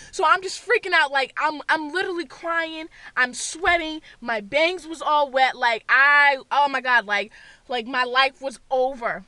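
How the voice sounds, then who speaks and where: A woman vlogger telling a story from her car, loud and full of swearing, acting out her own screams. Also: sits high, a little slow, no room sound. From Boston area, USA. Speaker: beauty vlogger. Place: parked car.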